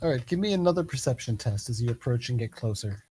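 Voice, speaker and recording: A man narrating a tabletop game as game master, relaxed and hesitant with many fillers. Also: mid-range voice, fast, breathy edge.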